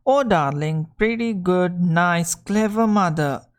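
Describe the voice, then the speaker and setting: A woman's voice: fairly low pitch, slow pace, smooth. A woman voicing hungry children in a storybook reading, pleading in a singsong tone. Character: seven hungry children begging sweetly.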